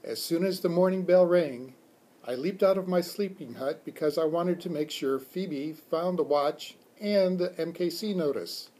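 Slow, expressive man reading aloud. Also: on the high side. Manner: expressive, does character voices. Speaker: school read-aloud reader. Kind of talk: reading a children's book aloud.

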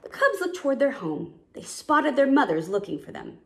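A woman's voice: high-pitched, very animated, normal speed, gravelly. Woman reading a kids story, lots of up and down in her voice.

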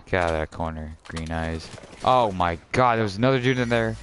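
A young man streaming a video game and chatting with a friend over a headset, excitable and yelling at the game. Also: low-pitched, brisk, slight background noise. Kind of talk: gaming live stream chat.

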